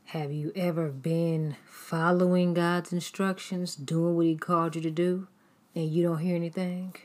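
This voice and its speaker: A woman's voice: lowish voice, level tone, measured pace, darkish tone. A woman giving an earnest devotional talk, asking her listeners rhetorical questions. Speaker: Christian speaker.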